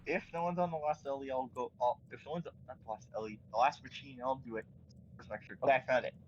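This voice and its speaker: A man's voice: mid-range voice, fairly even intonation, fast talker, slight background noise. Stammering man on a dull lo-fi mic. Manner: nervous, stammering, restarts often. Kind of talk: casual gaming chat.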